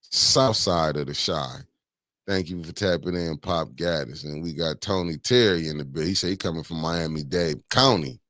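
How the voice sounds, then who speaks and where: A man's voice: extremely low pitch, moderate pace, a bit bright, no echo, studio quality. A man hosting a casual morning livestream, greeting viewers one by one in a laid-back, slangy way and repeating his catchphrases. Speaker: livestream morning show host.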